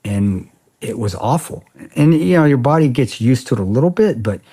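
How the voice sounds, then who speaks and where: A man being interviewed on a podcast, telling a story in a casual, animated way, swearing often and saying "man" a lot. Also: mid-range voice, normal speed, husky. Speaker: podcast guest, former soldier.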